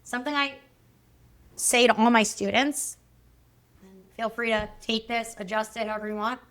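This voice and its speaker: A woman's voice: a little high, steady tone, moderate pace, a bit bright. A woman hosting a solo podcast, talking frankly and reflectively, answering listener questions in a candid monologue. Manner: frank, self-reflective, swears casually. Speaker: podcast host.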